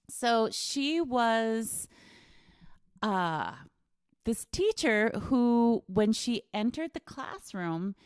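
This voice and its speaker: A woman from the United States, chatting as a guest and telling lively stories about her school days. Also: on the high side, drawn-out words, pauses often, smooth, no room sound, clean studio sound. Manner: lively storytelling, laughs often, reads viewer comments aloud. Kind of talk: casual chat.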